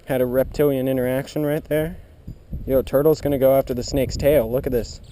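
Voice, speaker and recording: An excitable man narrating his own fishing trip outdoors, talking to viewers and cheering at every bite. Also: medium pitch, brisk, slight background noise. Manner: excitable, gasps and cheers at bites. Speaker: fishing vlogger. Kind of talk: excited outdoor vlog commentary. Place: outdoors by a pool of water.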